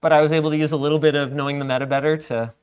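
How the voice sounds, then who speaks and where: A man's voice: a little high, level tone, racing, clear, resonant tone. A man from Canada in a casual gaming chat, matter-of-factly explaining tech and correcting his friend. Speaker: guest streamer.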